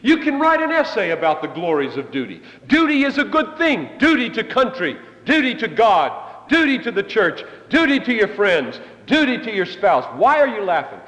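A man preaching an impassioned sermon, swinging between loud declarations and hushed asides. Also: high-pitched, very animated, moderate pace, hardly any pauses, lo-fi sound. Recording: long hall reverb.

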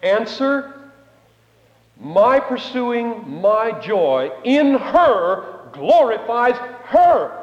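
A high-pitched male preacher delivers an impassioned sermon, his voice leaping up into ringing declarations and dropping into hushed asides. His pitch swings widely as he drives each point home, and a long reverb trails every phrase through the large church hall. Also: lo-fi sound. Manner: impassioned, rising and falling between loud declarations and hushed asides.

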